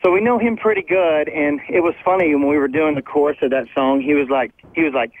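A man's voice: on the high side, quick pace. A male musician calling in by phone from backstage at a concert, chatting enthusiastically and laughing easily while walking around. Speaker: touring musician, phone-in guest. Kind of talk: casual phone interview. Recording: tinny phone line.

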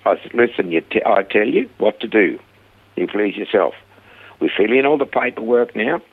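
Older swiss guy spinning a story, low gravelly husky voice, acts out the back and forth. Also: narrow, tinny audio. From Switzerland. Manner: animated anecdotal storytelling, acting out dialogue. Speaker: guest telling his life story. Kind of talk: storytelling interview.

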